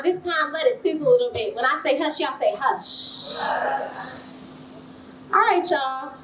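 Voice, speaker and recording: A woman's voice: high-pitched, a bit bright, a little hiss or hum. A woman emceeing an awards ceremony, playful and commanding, leading the crowd in call-and-response. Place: event hall. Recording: roomy hall sound from far off.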